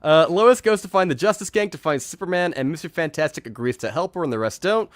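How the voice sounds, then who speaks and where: A man's voice: on the high side, expressive, fast talker, no echo, clean studio sound. A man hosting a live movie review stream, chatting casually, rambling and swearing as he acts out lines from scenes. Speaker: host. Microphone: remote streaming mic.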